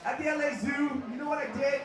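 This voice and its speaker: High-voiced profane man doing stand-up. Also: fairly even intonation, fast talker. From Los Angeles. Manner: profane, punchy delivery with shouted bursts. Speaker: stand-up comedian and host. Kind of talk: live stand-up set. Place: bar stage before a live audience. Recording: echoey bar with crowd laughter.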